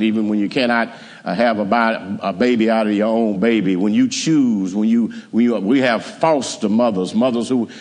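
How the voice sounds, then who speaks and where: Preaching pastor in a reverberant church. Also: male voice. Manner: preaching, rising to high emphatic climaxes. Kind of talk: sermon. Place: church sanctuary.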